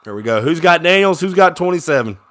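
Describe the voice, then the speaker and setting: A young man reacts to a game live, talking fast and casually like a fan. Low grumbles give way to excited shouts whenever there's a big play.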